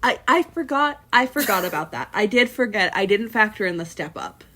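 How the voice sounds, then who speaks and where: Woman cohosting a podcast, chatty and rambly, keeps restarting, middle pitch voice. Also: animated, fairly quick, pushed and bright. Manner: rambling, many fillers and restarts. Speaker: podcast co-host. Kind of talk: casual chat.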